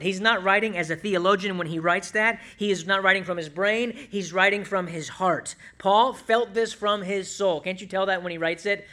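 A man preaching a sermon, slowing down to stress scripture and dropping into quick asides to the congregation. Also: sits high, steady tone, pushed and bright. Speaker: pastor.

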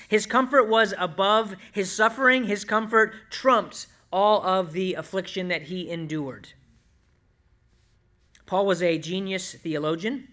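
A male pastor delivering a sermon in a high, bright, forceful voice. He leans hard on scripture, drawing key words out slowly, then tosses off quick asides to his listeners. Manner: emphatic, slows down to stress scripture, asides to the congregation.

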